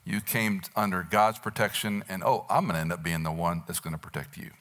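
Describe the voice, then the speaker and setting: A U.S. pastor in his sixties delivers a sermon briskly in a deep, slightly bright voice. As he narrates a Bible story, he performs the quotations with animation.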